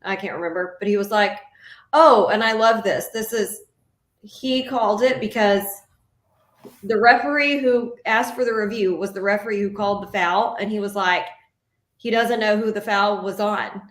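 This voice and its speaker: A woman's voice: medium pitch, moderate pace. A woman chats through funny moments of a game broadcast, laughing as she recounts them. Her mid-range voice carries a noticeable roomy echo. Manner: storytelling, laughing retelling. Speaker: podcast co-host. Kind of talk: casual sports chat.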